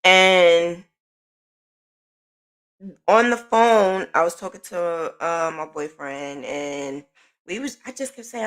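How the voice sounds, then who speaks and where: A middle-aged woman hosting a podcast, telling a personal story in a chatty, animated way with sighs and self-corrections. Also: lowish voice, takes it slowly, pauses often. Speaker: podcast host.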